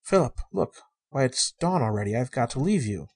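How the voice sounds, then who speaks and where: A man reading the part of a shy, wondering sixteen-year-old girl, in a soft, earnest and innocent way. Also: mid-range voice, sing-song, moderate pace, husky. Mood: tender.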